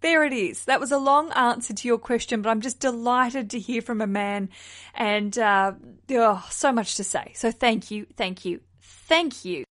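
A woman from Australia hosting a podcast in casual chat, frank and expressive, swearing casually. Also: fairly high pitch, a little slow. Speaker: podcast host.

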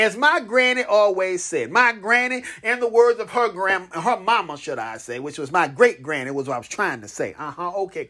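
A man hosting his own podcast, talking straight to listeners in a playful, pitchman-like monologue. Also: fairly bright tone. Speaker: podcast host.

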